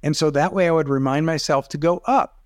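A man's voice: a little high, a little fast, no room sound, studio quality. A middle-aged man, a video coach, explaining as a podcast guest in casual talk, demonstrative with rising and falling emphasis.

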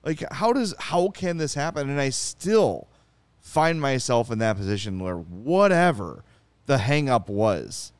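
A man's voice: medium pitch, very animated, a little slow, smooth, dry recording. A man with a Chicago accent hosting a sports podcast, talking casually and swearing in frustration. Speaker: podcast host.

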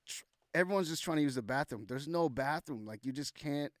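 Loose, animated young man telling stories. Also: a little high, fairly quick, no echo, clean studio sound. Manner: animated, loose storytelling full of "like" and acted-out quotes. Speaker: guest rapper. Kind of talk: casual podcast storytelling.

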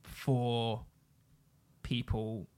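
A man's voice: mid-range voice, monotone, very slow, warm tone, clear, resonant tone. A man co-hosting a music podcast, giving informative background and supplying words for his partner. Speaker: podcast co-host. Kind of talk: casual chat about music albums.

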